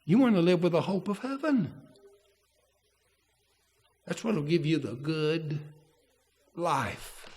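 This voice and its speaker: Male preacher, high lively delivery, unhurried, long church reverb. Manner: emphatic, repeats key words, reads scripture aloud. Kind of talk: sermon.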